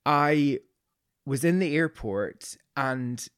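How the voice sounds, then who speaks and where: A man's voice: fairly high pitch, animated, very slow, clean tone, no room sound, studio quality. A man hosting a podcast, effusive and rambling, with many restarts in a casual chat. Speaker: podcast host.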